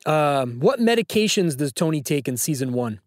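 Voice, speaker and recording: Guy running a phone trivia quiz, kinda high voice, teasing callers, dry sound. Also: very animated, normal speed, dry recording. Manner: playful, teasing. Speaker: trivia show host.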